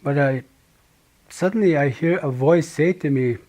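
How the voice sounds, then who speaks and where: A middle-aged man from Manitoba giving a personal testimony, speaking slowly and haltingly with many pauses and restarts. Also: fairly high pitch, dark tone. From Manitoba, Canada. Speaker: speaker sharing his life story.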